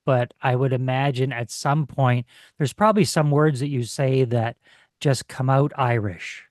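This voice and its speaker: A man hosting a radio interview show, reading his introduction in a lively announcer tone. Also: mid-range voice, a little slow, no echo, clean studio sound.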